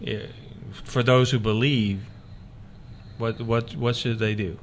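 A man's voice: medium pitch, steady tone, slow, a little hiss or hum. A man hosting a casual faith talk radio show, rambling with many fillers and restarts.

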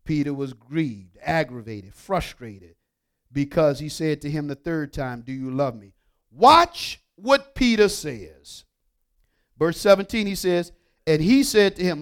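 A man preaching a sermon and reading scripture, moving from hushed asides to emphatic declarations and calling on the congregation. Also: a little high, sing-song, unhurried. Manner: call-and-response preaching, swings from hushed to emphatic.

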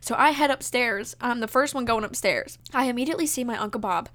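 Talking fast in a fairly bright voice on the high side, a young woman vlogger recounts how she got engaged. She gushes casually, leans on lots of fillers, and sounds on the verge of tears.

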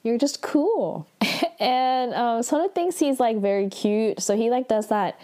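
A woman chatting casually as she recaps a show, full of "like" fillers and excited asides. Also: a little high, unhurried. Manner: chatty, fills talk with "like", acts out characters' lines and squeals in delight. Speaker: drama recap vlogger.

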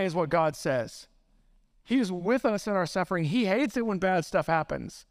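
A man's voice: sits high, expressive, moderate pace. A man preaching a sermon as pastor, earnest and impassioned, building up through long lists.

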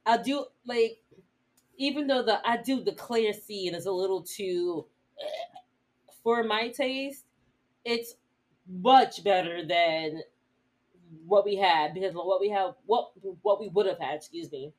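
Animated giggly woman recapping TV. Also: slow pace, pauses often. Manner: animated, jumpy pitch, giggly. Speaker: podcast co-host. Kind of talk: casual TV episode recap.

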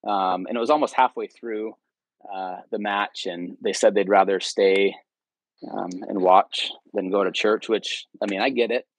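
Podcast guest, man, low-pitched, chatty and rambling, dry close sound. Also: fairly even intonation, a little slow, no echo, low-quality recording. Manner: rambling, many ums and restarts. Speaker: podcast guest, returned missionary. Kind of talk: casual storytelling interview.

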